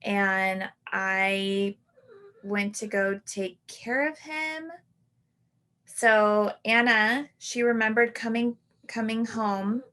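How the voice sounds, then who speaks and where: A woman in her thirties hosting a podcast, reflecting on a personal story in a halting way, full of "like" and restarts. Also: mid-range voice, bright, forceful tone. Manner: halting, full of "like" and self-corrections. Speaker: podcast host.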